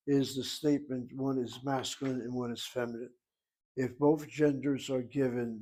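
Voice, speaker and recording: A man's voice: mid-range voice, darkish tone. A man teaching a Hebrew lesson, explaining grammar rules step by step as he writes on a board. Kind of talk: classroom lecture at a whiteboard.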